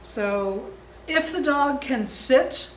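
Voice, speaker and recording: A woman's voice: high-pitched, animated, extremely slow, a little hiss or hum. A woman dog training instructor explaining exercises in a friendly, easygoing way, chuckling often. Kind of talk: instructional seminar talk. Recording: roomy, distant mic.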